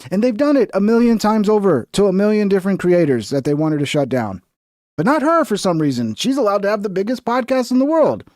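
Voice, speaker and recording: A man's voice: high-pitched, big pitch swings, brisk, darkish tone, no echo, clean studio sound. A man streaming reaction commentary in a sarcastic, profane, mocking rant.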